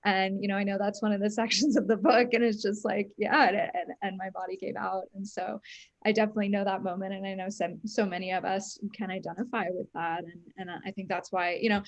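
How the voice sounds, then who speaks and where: A woman's voice: mid-range voice, flat delivery, brisk, no echo. A woman hosts a podcast interview, affirming and earnest as she relates her guest's story to her own. Her voice sits in the middle range, and the recording is dry with no room sound. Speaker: podcast host. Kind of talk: casual interview chat.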